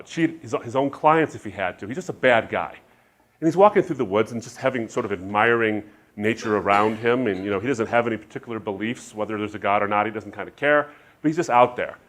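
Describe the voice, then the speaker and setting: A middle-aged man giving a sermon-style lecture with anecdotes, emphatic and shifting from loud stresses to quiet asides. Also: mid-range voice. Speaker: Christian speaker.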